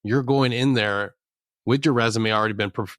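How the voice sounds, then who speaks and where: A podcast host with an average-pitched male voice who talks casually and agrees often with his guest. The sound is dry and close. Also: normal speed, a bit bright, no echo. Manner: conversational, agreeable, says "dude" and "yeah". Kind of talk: casual interview chat.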